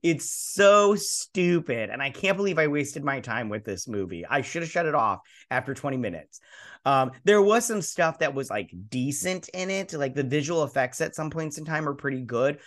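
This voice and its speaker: A man hosts a casual movie review in a blunt, exasperated ramble full of fillers and restarts. His voice is bright and forward. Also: medium pitch, animated, fairly quick. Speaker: host.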